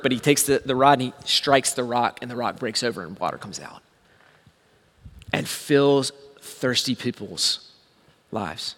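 A man preaching a sermon, telling the story with animated swings from hushed to shouting. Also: mid-range voice, normal speed, big-room sound. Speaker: pastor.

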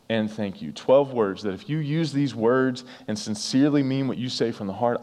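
A man's voice: lowish voice, darkish tone. A man preaching a sermon to his church, earnest and emphatic, repeating phrases for effect. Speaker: pastor. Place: church sanctuary. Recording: reverberant church hall.

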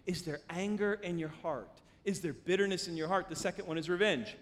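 Male pastor, sermon, high pitched, animated storytelling, church sanctuary, long hall reverb. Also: moderate pace. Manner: animated storytelling, acts out quotes.

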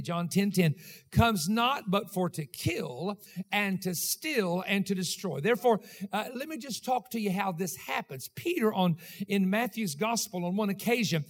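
A man preaching a sermon as pastor, in a rhythmic style with frequent call-outs to his congregation. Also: high-pitched.

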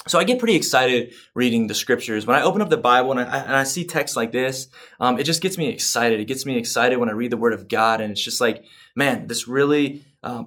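A man preaching to a church, earnest and growing excited as he explains scripture, with some fillers. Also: medium pitch. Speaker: pastor. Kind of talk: sermon.

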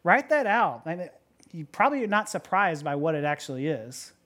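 A woman pastor preaching a sermon in an animated way. She laughs often, repeats words as she goes, and asks many rhetorical questions. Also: low-pitched, fairly quick.

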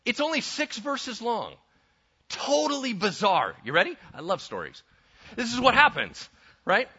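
A man preaching a lively sermon, conversational and full of rhetorical questions. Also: very high-pitched, a little slow, slightly rough. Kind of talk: animated sermon with acted-out voices. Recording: dull lo-fi sound.

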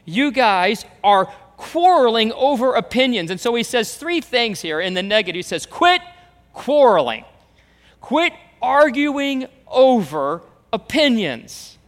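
A man's voice: high-pitched, expressive, normal speed. A man preaching a sermon as pastor, emphatic, repeating phrases and acting out the voices he quotes. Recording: reverberant hall, long echo.

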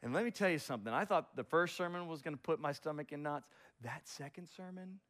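A pastor delivers a sermon in a fairly high male voice. He moves from reading scripture to an animated, self-deprecating story about his own preaching. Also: a little fast.

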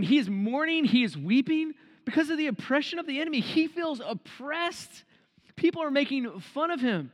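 A man preaching an earnest devotional sermon who slows down to stress key phrases. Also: extremely high pitch, very animated. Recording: long reverb tail.

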